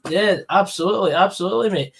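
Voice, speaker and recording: A man's voice: high-pitched, fast talker, vocal fry, husky. A man hosting a live football stream, chatting casually with co-hosts and reading out viewer comments, with plenty of fillers.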